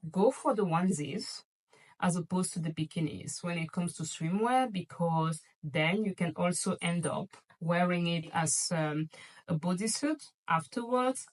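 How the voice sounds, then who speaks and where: A woman's voice: on the low side, moderate pace, far from the mic, low-quality recording. A woman vlogger chatting casually and playfully to her viewers about luxury shopping, gushing over items. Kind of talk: casual chatty haul video.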